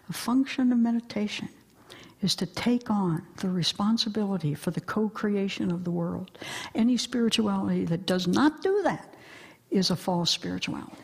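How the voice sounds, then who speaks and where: Husky, emphatic woman, a religious sister. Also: medium pitch, expressive, normal speed, darkish tone. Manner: emphatic, forthright, storytelling. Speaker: religious sister answering audience questions. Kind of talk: talk Q&A answer.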